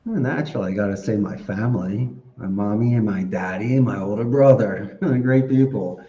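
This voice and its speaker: Guy telling stories on a podcast, laughs a lot, kinda low mellow voice, roomy lo-fi sound. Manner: animated storyteller, laughs often, drawn-out pauses. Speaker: podcast guest, call center business owner. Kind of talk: casual interview answers. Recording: echoey room, dull lo-fi sound.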